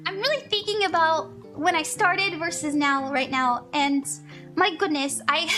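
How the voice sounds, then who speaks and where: Bubbly high-voiced young woman streamer. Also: measured pace, bright, forceful tone. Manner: gushing, emotional, laughs often, reads chat aloud. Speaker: livestream tarot reader. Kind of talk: casual livestream chat. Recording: faint music behind.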